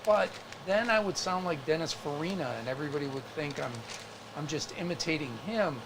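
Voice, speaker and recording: Male co-host, faint Chicago accent, animated storyteller, slightly high voice. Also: fairly quick, background noise. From Chicago area. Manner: chatty, animated storyteller with restarts. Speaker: co-host of a craft livestream. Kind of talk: casual storytelling chat.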